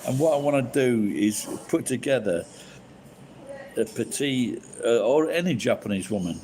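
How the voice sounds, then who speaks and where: A drunk man rambling on a live stream, swearing freely and restarting his sentences. His voice sits at an ordinary middle pitch. A faint background hiss runs under it. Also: expressive, moderate pace, darkish tone, low-quality recording. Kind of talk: rambling casual chat.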